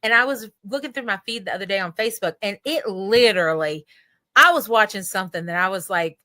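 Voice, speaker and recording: A woman's voice: mid-range voice, quick pace, dry recording. A woman with an Appalachian accent, a psychic medium guest chatting casually in an interview and acting out the voices of people she quotes. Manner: animated storyteller, acts out quoted voices.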